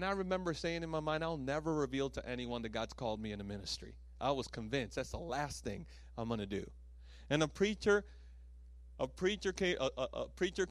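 Animated preaching man, dry sound. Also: fairly high pitch, no echo. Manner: lively storytelling, acts out voices, laughs at himself. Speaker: pastor. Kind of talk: sermon.

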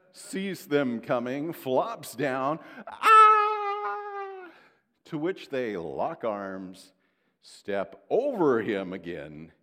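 A male pastor preaching a sermon, telling stories in an animated way and dropping in sarcastic asides. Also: on the low side. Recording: long hall reverb.

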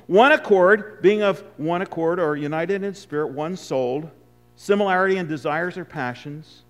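A male preacher giving an expository sermon, emphatic, with loud stresses and hushed asides. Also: sits high, moderate pace, faint music behind.

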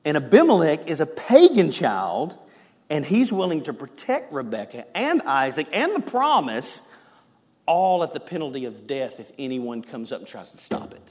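A man preaching a sermon, animated, swinging between loud emphasis and hushed lines. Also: on the high side, normal speed. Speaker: pastor. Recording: echoey hall.

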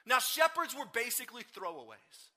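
A male pastor delivers a sermon with a notably high, very bright voice. He retells scripture in an animated storytelling manner, acting out the quoted lines. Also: fairly quick.

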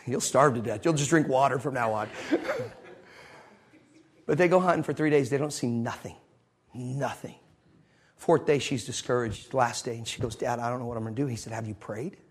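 A man delivers a sermon to a congregation in a slightly husky voice. He tells a story, then swings from loud, driving lines to hushed, intimate ones, and laughs along with the room. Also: medium pitch, normal speed, long pauses. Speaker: preacher.

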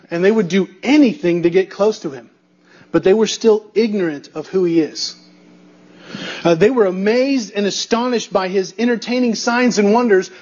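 A man with a high voice preaching a sermon as a pastor. He hammers home his points by repeating key phrases and throwing rhetorical questions at the listeners. The recording sounds dull and a little muffled. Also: darkish tone.

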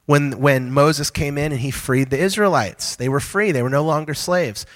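A man's voice: a little high, normal speed, fairly bright tone. A man preaching a sermon to a congregation, joking with the listeners and talking in a casual, conversational way. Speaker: pastor.

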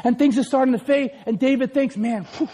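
A pastor delivers a sermon in an animated, storytelling manner, talking straight to his congregation. His voice sits very high for a man. He keeps it conversational and full of energy. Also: fast talker.

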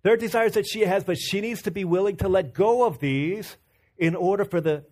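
Man, pastor giving a sermon, somewhat high-pitched, earnest, stumbles and restarts, softens for personal stories. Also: fairly quick. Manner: earnest, repeats words and restarts, drops to a soft low voice when telling stories.

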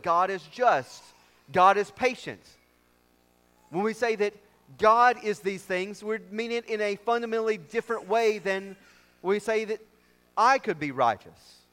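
A man's voice: high voice, fairly bright tone. A man preaching a sermon as pastor, with an emphatic, repetitive cadence. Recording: long reverb of a large hall.

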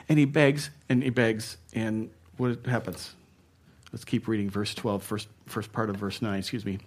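Conversational male preacher, soft and loud by turns. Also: fairly low pitch, steady tone, normal speed. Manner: conversational, chuckles at his own asides; shifts between loud emphasis and soft, hushed passages. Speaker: pastor. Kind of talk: sermon.

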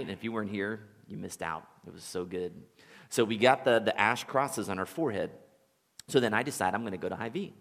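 A man preaching a sermon as a pastor, relaxed and conversational, telling stories and chuckling now and then. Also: fairly low pitch, in a large hall. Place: church sanctuary.

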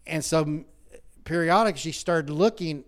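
A man's voice: fairly high pitch, normal speed. A man who is a pastor, talking in a casual teaching way, emphatic and heated at times, with frequent restarts.

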